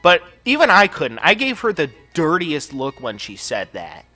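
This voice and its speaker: A man's voice: a little high, wildly swooping pitch, moderate pace, sharp tone, soft background music. A man hosting a gaming channel, telling a long personal story over gameplay in a casual, profane, ranting way full of filler words.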